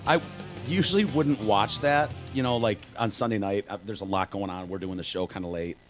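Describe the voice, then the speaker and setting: A man's voice: fairly low pitch, a little fast, soft background music, poor audio. A man co-hosting a podcast in casual chat, telling stories loosely with lots of fillers and swearing. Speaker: podcast co-host.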